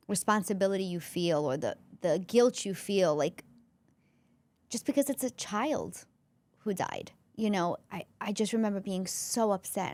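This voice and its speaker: A woman's voice: mid-range voice, a little mellow, dry recording. Woman telling a heartfelt story. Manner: earnest, emotional, with frequent restarts. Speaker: comedian and former school counselor, podcast guest.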